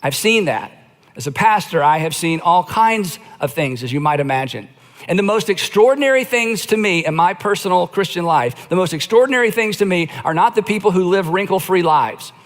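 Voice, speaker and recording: A middle-aged man with a fairly high voice delivers a sermon as a pastor, talking to the congregation in a relaxed, conversational way. He stretches out key phrases and acts out quotations with slow emphasis. His voice carries the long reverb of a large auditorium.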